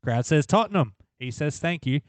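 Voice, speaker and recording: A man co-hosting a casual sports podcast, telling animated anecdotes and acting out crowd chants. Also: on the high side, normal speed, no room sound. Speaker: podcast co-host.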